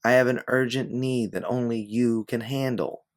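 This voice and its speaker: A man's voice: medium pitch, fairly even intonation, normal speed, voice pushed up, natural voice. A man voicing a secretive, wealthy woman client who sounds anxious and pleading as she tries to hire a detective. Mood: urgent. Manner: anxious, pleading, slipping accent.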